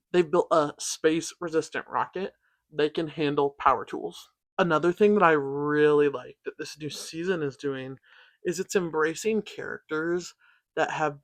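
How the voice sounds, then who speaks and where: A chatty man with a fairly high voice gives a casual, upbeat review of a cartoon, saying "like" between thoughts. The sound is close and dry, with no room echo. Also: a bit bright. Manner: chatty, upbeat, says "like" often. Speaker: show reviewer.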